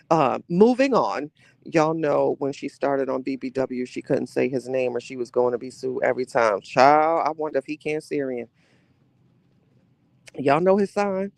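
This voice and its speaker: A man's voice: on the high side, no room sound. A man hosting a casual live podcast, reading viewer comments aloud and reacting to them with gossipy, slangy asides and frequent laughter. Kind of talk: casual live-stream chat.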